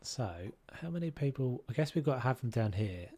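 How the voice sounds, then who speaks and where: A man's voice: medium pitch, expressive, fairly quick, dark tone, breathy edge. A man casually chatting and musing aloud while live-streaming a game, now and then humming tunes.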